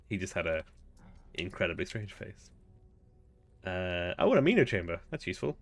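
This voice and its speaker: A man's voice: low-pitched, sing-song, fairly quick, pauses often. A man casually commenting on his gameplay, chatty and amused, thinking aloud as he goes. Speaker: gaming video host.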